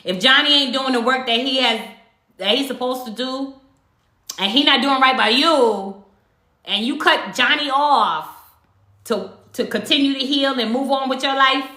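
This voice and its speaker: A woman with a bright, lively voice, speaking in with a somewhat high pitch. She tells a personal story in an emphatic, animated way, swearing freely. The room is echoey. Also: moderate pace. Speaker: spiritual livestreamer. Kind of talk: casual livestream chat.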